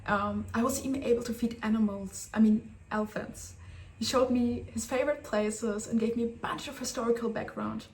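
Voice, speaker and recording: A young woman from Germany, telling a travel story to her viewers in a lively, sassy way. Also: on the high side, normal speed, slight background noise. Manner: animated, sassy, acts out quotes. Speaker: travel vlogger. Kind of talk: casual storytelling to camera.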